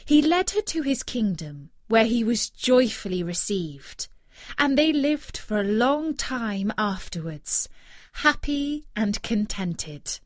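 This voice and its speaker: A woman reading a fairy tale aloud in an expressive, storytelling way. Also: a little high, slow, dry recording, clean studio sound.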